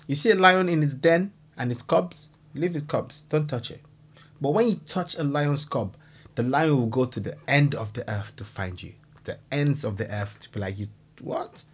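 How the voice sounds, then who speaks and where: A man reacting to a documentary video in casual, animated commentary, exclaiming and laughing. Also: mid-range voice, slightly rough. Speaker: reaction host.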